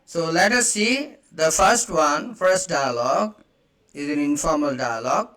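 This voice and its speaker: A man teaching a beginner lesson, slowly saying each phrase twice and explaining it in English. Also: on the high side, expressive, fairly bright tone. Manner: slow, repeats each phrase, spells out examples. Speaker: French teacher. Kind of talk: slow beginner language lesson.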